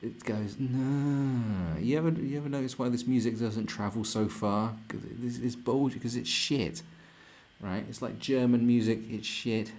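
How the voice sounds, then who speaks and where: A man's voice: mid-range voice, steady tone, normal speed, a little mellow, slight background noise. A young man streaming live, ranting crudely and mocking the video in front of him, laughing often. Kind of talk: profane ranting reaction stream.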